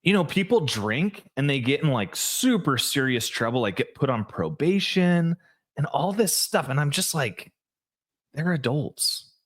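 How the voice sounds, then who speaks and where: A man's voice: a little high, normal speed. A man co-hosting a podcast, telling stories in casual chat with lots of "like" and restarts. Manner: animated storyteller, lots of "like" and restarts. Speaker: podcast co-host.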